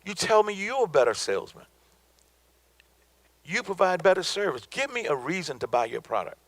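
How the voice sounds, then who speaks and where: A man's voice: sits high, big pitch swings, normal speed, fairly bright tone, dry recording. Emphatic, preacherly middle-aged man. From American South. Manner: emphatic, preacherly, repeats for effect. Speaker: business speaker. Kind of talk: motivational talk with slides.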